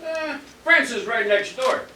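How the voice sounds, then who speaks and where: Guy playing a gruff loudmouth producer, high bright voice, stage mic far away with echo. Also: measured pace, full character voice. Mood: scornful. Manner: gruff, loud and insulting. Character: brash bullying male theatre producer. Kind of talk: amateur stage comedy acting. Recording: echoey stage from a distant mic, faint hiss.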